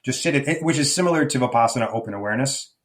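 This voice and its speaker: A man's voice: mid-range voice, expressive, rapid-fire. A middle-aged man speaking as a life coach guest in an interview, thoughtful and searching, often restarting his sentences. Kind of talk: reflective conversational interview.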